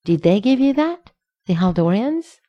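A woman voicing a brash, confident male scientist who talks in a quick, blunt way. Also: sits high, sing-song, dry recording, dull audio, pitched above the performer's own voice. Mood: nervous.

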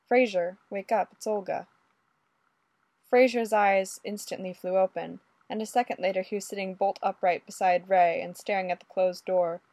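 Brief: female audiobook narrator, steady and measured, mid pitch, dry close mic. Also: no room sound. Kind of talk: audiobook reading of adult fiction.

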